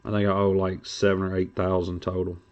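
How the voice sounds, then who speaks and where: A man's voice: deep voice, monotone, a little fast, muffled recording. A man hosting a trading card stream, rambling and joking crudely in casual chat.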